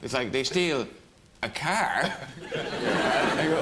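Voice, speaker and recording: A man's voice: fairly high pitch, expressive, slow pace, very noisy. A man on a comedy panel, arguing back in a blunt, argumentative way. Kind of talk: comic panel debate.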